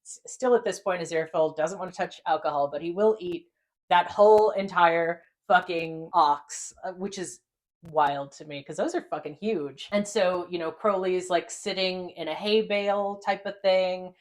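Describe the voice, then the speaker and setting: A woman's voice: fairly low pitch, normal speed. A woman hosting a podcast and chatting casually as she recaps an episode, talking animatedly, swearing freely and acting out lines. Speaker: podcast host.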